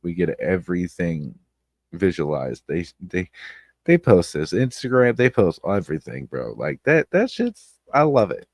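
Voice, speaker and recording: A man streaming blunt, profane commentary on online drama, repeating himself and breaking into loud outbursts. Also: sits low, sing-song, unhurried, no echo, studio quality. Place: home streaming setup. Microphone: close streaming mic.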